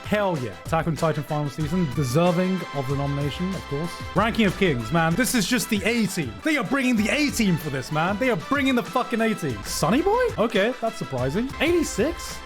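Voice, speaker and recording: A man streaming live, reacting to anime award nominations in an emphatic, swearing, animated commentary. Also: high-pitched, a little fast, few pauses, music in the background.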